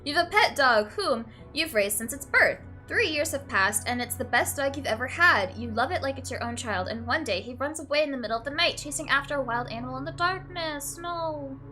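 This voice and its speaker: With faint music in the background, this let's play streamer talks a little fast in a high voice, hardly pausing as she reads the game's questions. Her mood swings from flat to tearful to laughing, peppered with "like" and "literally."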